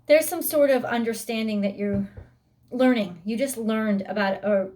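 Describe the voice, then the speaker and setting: Tarot reader, woman, slightly high voice, blunt and emphatic, swears casually. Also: moderate pace, a little mellow, slight background noise. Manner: blunt and emphatic, swears freely, voices the listener's inner thoughts. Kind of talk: weekly tarot reading.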